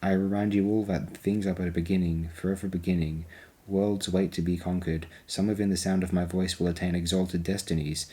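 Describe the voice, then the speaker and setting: A man voicing a young woman oracle who speaks in sharp, scolding pronouncements. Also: sits low, level tone, brisk, breathy edge. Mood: solemn.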